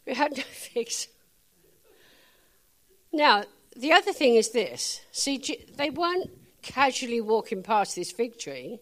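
A woman's voice: a little high, very animated, takes it slowly. A woman preacher giving a chatty sermon, laughing often and adding playful asides.

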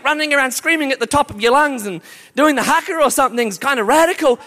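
A man preaching a lively sermon, playful and exclamatory, often breaking into laughter. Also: very high-pitched, quick pace, few pauses.

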